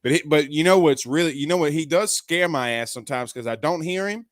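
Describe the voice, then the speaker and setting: A man's voice: a little high, a little fast, no room sound, studio quality. A man hosting a live sports talk show, chatting loosely with lots of fillers and restarts.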